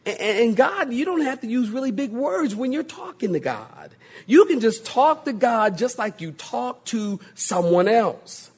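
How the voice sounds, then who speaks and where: A man's voice: very high-pitched, a little slow, breathy edge. A male pastor preaching a sermon, joking and slipping into mock voices to make his point. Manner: humorous, animated, mimics voices for laughs.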